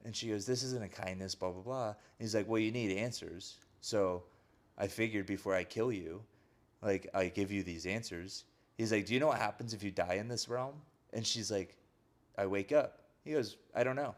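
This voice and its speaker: A man with a somewhat low voice retells a film plot in casual podcast chat. He keeps it animated, slipping into the characters' lines as he goes and leaning on "like" a lot. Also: moderate pace. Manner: animated storyteller acting out quoted lines, frequent "like". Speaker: podcast co-host.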